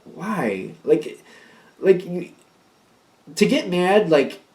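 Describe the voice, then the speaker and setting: A man of middle pitch talks through a tarot reading in a loose, casual way. He rambles and repeats points for emphasis. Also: animated, moderate pace, a little mellow. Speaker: tarot card reader.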